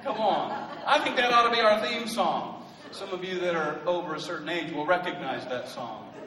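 High-voiced man preaching in an echoey hall. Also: normal speed. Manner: preachy, builds to loud emphatic bursts. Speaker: pastor. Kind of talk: sermon. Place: church sanctuary. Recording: echoey hall from a distant mic.

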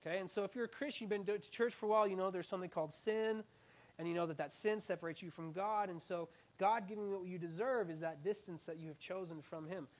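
A young man preaching an interactive sermon, animated and playful, with self-mocking asides. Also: sits high, fast talker. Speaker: student preacher.

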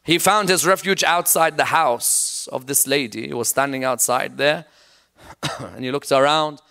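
A man's voice: medium pitch, unhurried, creaky, sharp tone. A man preaching a sermon in a mosque, telling a mournful story with passion and often asking the audience "yes?". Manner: mournful, impassioned narration with repeated "yes?" to the audience.

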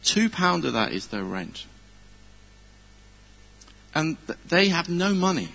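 A man's voice: fairly high pitch, sing-song, takes it slowly, creaky, a bit bright. A middle-aged man, giving an informal, chatty sermon full of personal stories, earnest and self-deprecating. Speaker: preacher. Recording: long hall reverb.

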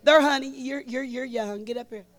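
A woman telling stories in a sermon at a conference, shifting between loud bursts and hushed asides. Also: high voice, steady tone, moderate pace. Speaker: conference speaker. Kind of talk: storytelling sermon. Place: large conference hall.

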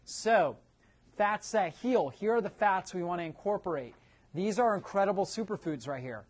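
This man's voice sits high and sounds animated as he delivers a nutrition seminar at a moderate pace to a live crowd. He quizzes the room and ends his points with "right?"

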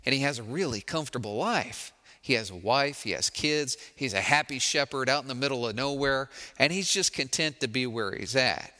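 Bright-voiced man preaching in a hall. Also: medium pitch. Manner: conversational, wry, acts out quoted lines. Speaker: pastor. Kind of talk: sermon.

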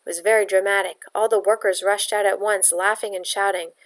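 A woman's voice: mid-range voice, steady tone, brisk. Woman reading a novel aloud. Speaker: audiobook reader.

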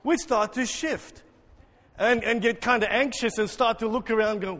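A man's voice: extremely high pitch, moderate pace. Man, pastor, sermon, playful voices, congregation banter, echoing church hall. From South Africa. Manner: animated, acts out voices, jokes with congregation. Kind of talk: interactive sermon. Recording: long hall reverb.

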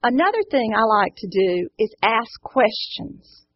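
A woman's voice: a little high, big pitch swings, a little slow, no echo. A woman gives a Bible study talk to a live group, earnest and encouraging, often asking them questions. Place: indoor room with a live group. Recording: dull lo-fi recording.

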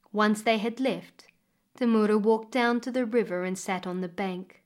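A woman storyteller reading a folk tale aloud in a measured, expressive way. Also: mid-range voice. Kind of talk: storytelling narration.

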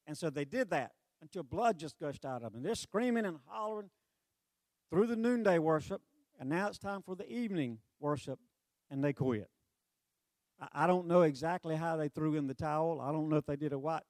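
A male preacher telling a story in a sermon, animated and playful, with sarcastic asides. His voice sits a bit high for a man, in a dry, close recording with no echo. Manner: animated storytelling with sarcastic humor and acted-out quotes.

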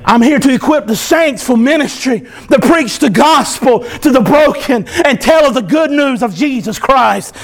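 A male pastor preaching an impassioned sermon, often breaking into shouts. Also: very high-pitched, lively intonation, normal speed, few pauses. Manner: impassioned, fervent, bursts into shouting.

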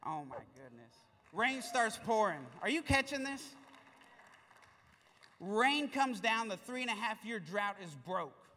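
A man preaching to a congregation, his high voice carrying through a large church hall. He tells the story in a lively, playful way, and the sound is bright with a long echo trailing off. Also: measured pace. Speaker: pastor. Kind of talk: sermon.

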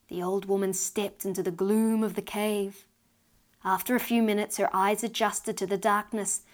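A woman reads a fairy story aloud in a mid-pitched voice. Her telling is lively and expressive, rising in energy at the tense moments. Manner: lively, expressive reading that rises with tension. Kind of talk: storybook narration read aloud.

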